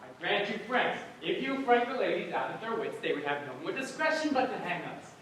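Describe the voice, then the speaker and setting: A man playing a boastful, hammy weaver on stage, loud and showy, eager to play every part. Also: high voice, sing-song, brisk, crowd noise. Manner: loud, showy, swooping delivery. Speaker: stage actor. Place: theater stage. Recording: echoey stage from far off.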